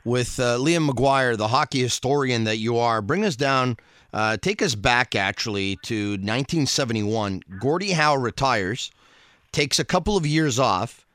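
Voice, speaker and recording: A man hosting a radio show, interviewing a guest and reading a live ad in a brisk announcer manner. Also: mid-range voice, lively intonation, fairly bright tone, no room sound, clean studio sound. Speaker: radio host.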